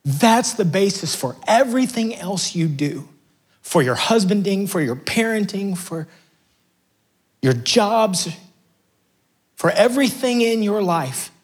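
A man's voice: high-pitched, lively intonation, takes it slowly, long pauses, breathy edge. A middle-aged man preaching a sermon as pastor, passionate and building to emphatic peaks.

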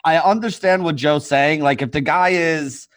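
A man's voice: a little high, moderate pace, fairly bright tone, dry recording, rough recording. A man talking sports casually, rambling and hedging with lots of fillers. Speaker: podcast panelist.

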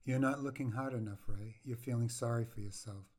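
A man's voice: medium pitch, steady tone, fairly quick, close to an everyday voice. A man reading a blunt, caring woman friend. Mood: stern. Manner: stern yet gentle, coaxing. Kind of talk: reading a memoir aloud.

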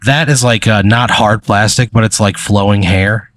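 A man's voice: on the low side, fairly even intonation, moderate pace, a bit bright. A man narrating a tabletop game as game master, rambling with many fillers. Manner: rambling, filler-heavy storytelling.

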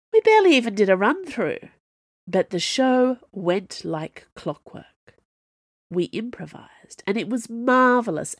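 A woman voicing a calm, knowing retired woman assassin in an audiobook, speaking gently. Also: on the high side, no room sound, studio quality, pitched above the performer's own voice, exaggerated voice.

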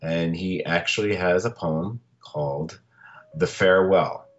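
Deep-voiced laid-back man hosting a podcast. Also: unhurried, dull audio, soft background music. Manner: rambling, laid-back, with restarts. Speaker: podcast host. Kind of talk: casual podcast chat.

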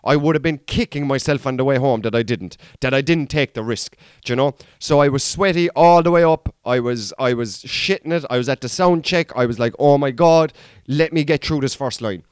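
Irish comedian, clear, dry close mic. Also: male voice, mid-range voice, a little fast, few pauses, dry recording. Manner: candid and rambling, with frequent swearing and fillers. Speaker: comedian and podcast host. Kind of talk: casual storytelling monologue.

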